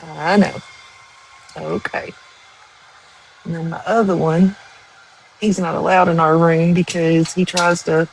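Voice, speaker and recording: A woman's voice: lowish voice, vocal fry, slight background noise, rough recording. A woman chatting casually and rambling to viewers on a live stream. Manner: slow, rambling, with many ums and likes.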